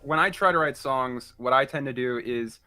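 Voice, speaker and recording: A man's voice: mid-range voice, moderate pace, sharp tone. A man hosting a casual interview, talking in an easygoing, chatty way. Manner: easygoing, talkative. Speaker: interviewer host.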